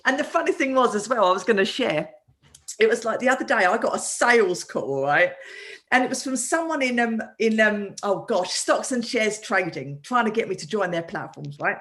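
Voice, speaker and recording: A woman hosting a live online talk as a coach, animated and often restarting her sentences over a video call. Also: medium pitch, moderate pace. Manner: animated, with many repeated restarts. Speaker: host and coach.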